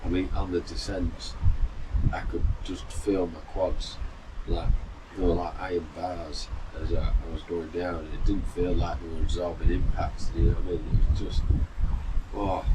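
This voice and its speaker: A middle-aged man with a remarkably deep voice tells his story in a loose, rambling way, stopping and restarting as he goes. He is picked up from a distance by the mic, out on a balcony with steady outdoor noise around him. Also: moderate pace. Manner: rambling, chatty, full of fillers and restarts. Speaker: runner vlogger. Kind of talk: casual storytelling.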